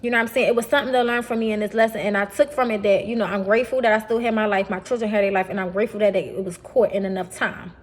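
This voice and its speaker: A woman's voice: medium pitch, steady tone, racing, few pauses. A young adult woman, talking casually and animatedly to her viewers, repeating phrases and calling them y'all. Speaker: vlogger. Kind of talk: casual talk to camera.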